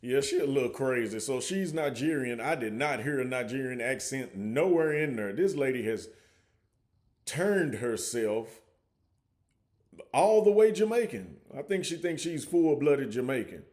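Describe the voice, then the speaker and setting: A man's voice: mid-range voice, moderate pace, darkish tone. A man hosting a casual reaction commentary, talking conversationally with frequent stammering restarts. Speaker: commentary host.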